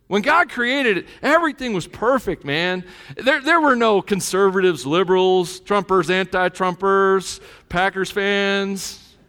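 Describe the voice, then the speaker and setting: A man's voice: high voice, unhurried, bright, forceful tone. A middle-aged man preaching a sermon as a pastor, joking and conversational, his emphasis rising as he goes. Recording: long hall reverb.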